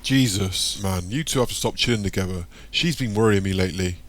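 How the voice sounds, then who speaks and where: Casting note: man reading as a laid-back, slangy card player, loud and easygoing. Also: sits low, brisk, close to an everyday voice. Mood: casual.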